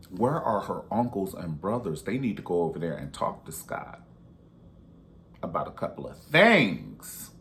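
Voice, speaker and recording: A man casually reviewing a reality show, sassy and animated, jumping between high exclamations and low asides. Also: slight background noise. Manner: animated and sassy, with big pitch jumps and sudden whispers. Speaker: reality TV commentator. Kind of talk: casual commentary vlog.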